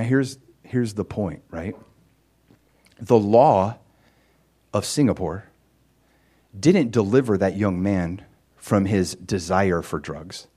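A man preaching a sermon in a casual, animated storytelling way, with lots of fillers and sudden rises in pitch and volume for emphasis. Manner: animated storytelling, chatty fillers, swings loud and high for emphasis.

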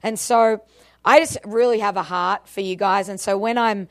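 A woman's voice: mid-range voice, fairly even intonation, moderate pace. A woman with an Australian accent, speaking as a guest speaker at church in a bubbly, chatty way that often breaks into laughter. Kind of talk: church talk to a congregation.

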